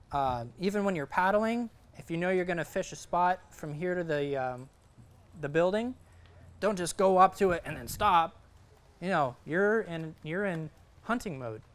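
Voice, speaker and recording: A man's voice: high-pitched, moderate pace. A man giving a casual, rambling talk to a group on sight fishing from a kayak, full of fillers and restarts.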